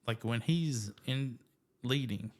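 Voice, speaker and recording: A man casually telling his faith story as a podcast guest, animated and self-deprecating, full of "like" and "you know". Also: medium pitch, slow. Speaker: guest sharing testimony.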